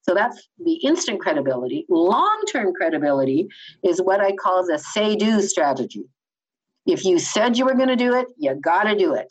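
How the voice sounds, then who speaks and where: A woman's voice: fairly low pitch, sing-song, moderate pace. A woman from Canada explaining communication ideas in an interview, enthusiastic and teacherly in manner. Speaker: communication trainer. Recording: slightly dull lo-fi sound.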